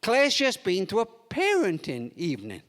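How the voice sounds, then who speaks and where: A man's voice: high-pitched, huge pitch swings, moderate pace, a bit bright. An older man giving a parenting talk, telling anecdotes with playful humour and acting out the people in them. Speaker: parenting speaker. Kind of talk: storytelling seminar talk. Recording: long reverb of a large hall.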